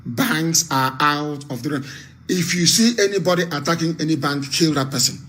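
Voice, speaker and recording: A man's voice: on the high side, moderate pace, fairly bright tone. A man from Nigeria with a Nigerian accent, giving a fiery, repetitive live radio address as an activist broadcaster.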